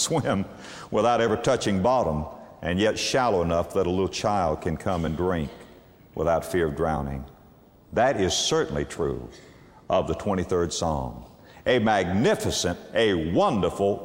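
A man preaching a sermon in an emphatic way, drawing out key words and swinging his pitch up and down. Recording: long hall reverb.

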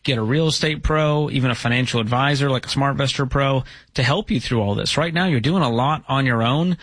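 A man hosting a call-in advice show, giving calm, steady guidance and asking probing questions. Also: medium pitch, a little fast, no echo, rough recording. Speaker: host.

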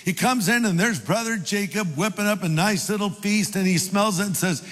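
An older pastor preaching a sermon with folksy, self-deprecating stories. His voice sits somewhat high for a man. A long hall reverb trails every phrase. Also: moderate pace, fairly bright tone. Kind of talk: sermon with storytelling.

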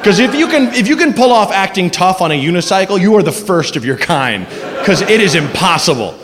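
A man doing a stand-up comedy set on a club stage, animated and leaping into loud voices for his bits. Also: high-pitched, a little fast, a crowd in the background. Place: comedy club stage before a live audience. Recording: live club recording with long reverb and noise.

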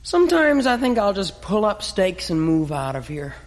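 A woman's voice: medium pitch, sing-song, normal speed, slight background noise, close to an everyday voice. A woman playing a dramatic, cat-hating male pet dog in a stage musical, brooding in theatrical self-pity. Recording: reverberant stage recording.

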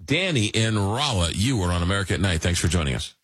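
A lower-pitched man with a husky edge hosts a late-night call-in radio show. He reads listener messages aloud and stumbles through plenty of fillers and restarts. The sound is close and dry. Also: big pitch swings, fast, a bit bright, no room sound. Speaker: radio talk show host.

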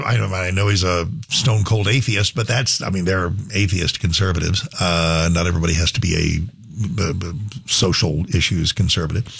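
Male talk host, husky and dry-miked, rambling delivery. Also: on the low side, no room sound. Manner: rambling, halting, many restarts. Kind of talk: casual radio talk.

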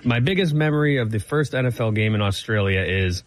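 A man who is a regular on a sports radio show, talking in a dry, measured way. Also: mid-range voice, animated, dry recording. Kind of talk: casual sports talk.

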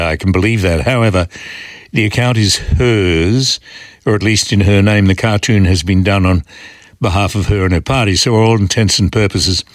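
A middle-aged Australian man filling in as a talkback radio host, reading listener messages in a measured way, thinking aloud with frequent pauses and restarts. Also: lowish voice, no room sound, clean studio sound. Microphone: studio microphone.

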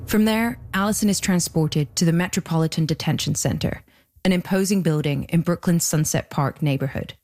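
A woman hosting and narrating a documentary podcast in a measured, scripted delivery. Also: on the low side, a little mellow. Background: faint music.

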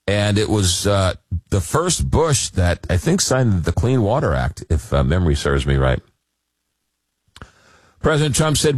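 Man, radio talk host, low voice, call-in show, halting with fillers, dry close studio sound. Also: no room sound. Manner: reads listener messages aloud, halting with many fillers. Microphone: studio microphone.

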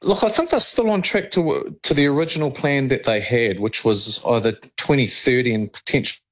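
A New man with a mid-range voice, answering a radio host's questions on a call. He speaks in a measured, matter-of-fact way as a sports body chair. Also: mid-range voice. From New Zealand. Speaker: rugby league chair, radio guest. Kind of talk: radio interview. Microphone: phone call into radio.

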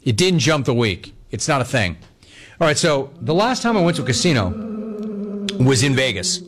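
Lively sports radio host, man. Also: medium pitch, background noise. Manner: fast talking, acts out other people's voices in quotes. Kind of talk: animated casual storytelling monologue.

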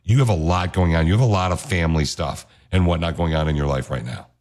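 A man's voice: low voice, fast, a little mellow. A man hosting a radio show in a studio, bantering casually and teasing his co-host. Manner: teasing, joking.

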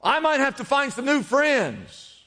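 A man preaching a sermon with a high, bright voice. His delivery swells with fervor and repeated calls to keep going. The sound carries a long reverb from a large church hall. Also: huge pitch swings, unhurried. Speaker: pastor.

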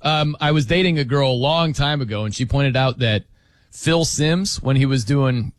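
A man's voice: mid-range voice, moderate pace, no room sound. A man hosting a casual radio talk show, chatty and laughing often, speaking into a studio microphone. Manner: chatty, laughs often, mimics others' pronunciations. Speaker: sports radio host.

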